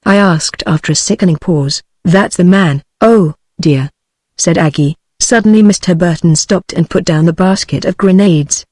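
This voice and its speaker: A text-to-speech woman's voice with a British English accent, reading a novel aloud in an even, steady way. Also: on the low side, moderate pace, breathy edge, no room sound. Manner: even, steady synthetic delivery. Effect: synthetic text-to-speech voice. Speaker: audiobook narrator.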